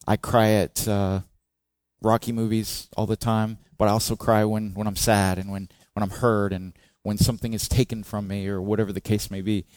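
Speaking at a moderate pace in a lowish voice, a pastor preaches in a conversational manner, quizzing his congregation and dramatically voicing the psalmist's cries at a raised volume. The recording is dry.

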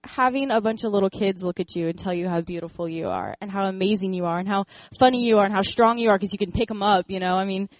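A young woman speaks in an earnest, encouraging way, telling a personal faith story with laughs and quick acted-out voices. Her voice sits at a mid pitch. The recording is dry and close, with no room sound. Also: dry recording. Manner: animated storytelling, acts out voices in quotes. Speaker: speaker sharing a faith testimony.

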